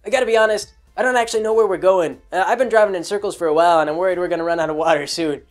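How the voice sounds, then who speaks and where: A man's voice: high voice, rapid-fire, faint music behind, pitched above the performer's own voice, natural voice. A man doing a drawling friendly hippie. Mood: earnest friendly. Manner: drawling "whoa, man" surfer-stoner talk. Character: friendly laid-back hippie man driving a van.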